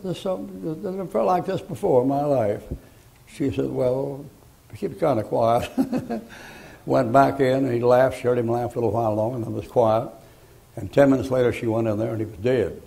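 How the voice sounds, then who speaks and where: An older man preaching a sermon, telling folksy stories and breaking into loud, emphatic bursts. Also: mid-range voice, creaky, rough recording. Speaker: pastor.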